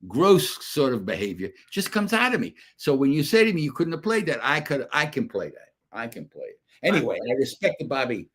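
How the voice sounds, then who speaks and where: Man, 80s, actor guest, animated anecdote, acts out dialogue, very lively pitch. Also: brisk, hardly any pauses. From Brooklyn and Connecticut. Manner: animated storyteller who acts out both sides of dialogue. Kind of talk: anecdotal storytelling.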